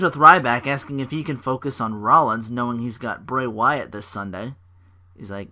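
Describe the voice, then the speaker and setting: A man hosting a casual home podcast, recapping wrestling with a bright, forward voice. He talks loosely and acts out the wrestlers' lines in higher, louder bursts before dropping back to his easy speaking tone. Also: normal speed. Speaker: podcast host.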